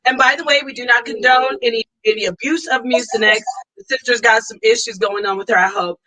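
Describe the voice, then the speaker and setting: A woman's voice: on the high side, fairly even intonation, fairly quick, low-quality recording. A woman from Phoenix, Arizona hosting a casual online talk stream over a video call, playful and laughing. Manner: playful, laughing, warm greetings. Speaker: host.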